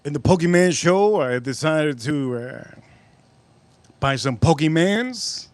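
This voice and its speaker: A man hosting a casual livestream, rambling and excitable, repeating himself as he chats. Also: a little high, takes it slowly, no room sound. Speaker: livestream host.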